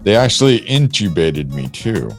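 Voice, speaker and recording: A man hosting a podcast, talking hoarsely after throat surgery, rambling through a story with lots of fillers. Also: on the low side, big pitch swings, normal speed, faint music behind. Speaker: podcast host. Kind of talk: casual chat.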